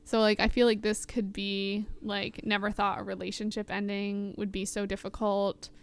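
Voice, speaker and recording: A woman's voice: mid-range voice, level tone, normal speed, gravelly, clean tone. A woman hosting a podcast, chatting casually about song lyrics and filling her talk with "like". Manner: chatty, many "like" fillers. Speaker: podcast host.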